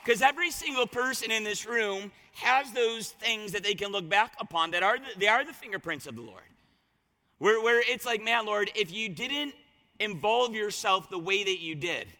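A man preaching a sermon, retelling a scripture story with lively voiced quotes. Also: sits high, moderate pace. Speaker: pastor. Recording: long reverb of a large hall.

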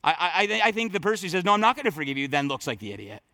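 Male pastor, high and bright, earnest, casual preaching style, dry close sound. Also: sing-song, very fast, no echo. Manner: conversational, thinking aloud with frequent fillers and restarts. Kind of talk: sermon.

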